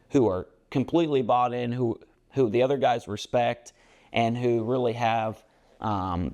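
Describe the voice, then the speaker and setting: A man's voice: medium pitch, a little mellow. A basketball coach co-hosting a podcast, a man talking earnestly about team culture in a rambling, casual way with many fillers. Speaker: basketball coach and show co-host.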